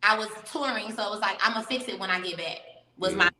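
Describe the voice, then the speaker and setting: Lively profane woman telling a story. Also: mid-range voice, quick pace, echoey room, long reverb tail, slight background noise, poor audio. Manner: animated, profane, laughs often. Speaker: interview guest. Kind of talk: casual storytelling.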